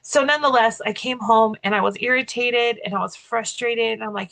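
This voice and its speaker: A woman's voice: a little high, normal speed, gravelly, bright, forceful tone, poor audio. A woman co-hosting a podcast, telling a story in casual chat, full of fillers and restarts. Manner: chatty, many "like" fillers and restarts. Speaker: podcast co-host and keynote speaker.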